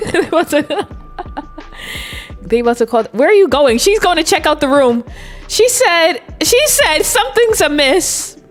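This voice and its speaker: A woman's voice: high voice, lively intonation, a little slow, pauses often, soft background music. A woman in her twenties giving chatty, giggly live commentary as she plays a game and talks to her viewers. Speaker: game streamer. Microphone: desk mic.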